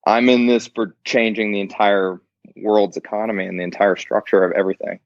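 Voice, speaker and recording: A man's voice: fairly low pitch, level tone, fairly quick, dry recording. A man talking as an interview guest in casual chat, blunt and profane, laughing often. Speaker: podcast guest. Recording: dry, dull lo-fi sound.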